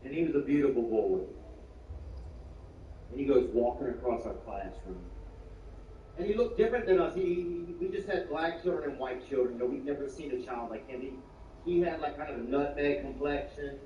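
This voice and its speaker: A man telling a stand-up story with lots of energy. He swings from hushed asides to loud bursts and uses slang and swearing. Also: mid-range voice, moderate pace. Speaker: stand-up comedian. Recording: roomy, distant, muffled, with clear background noise.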